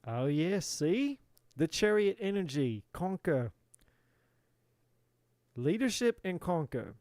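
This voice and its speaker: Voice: medium pitch, sing-song, slow, darkish tone, dry recording. A tarot reader giving a live reading in a playful put-on British accent, swearing and exasperated in a theatrical way.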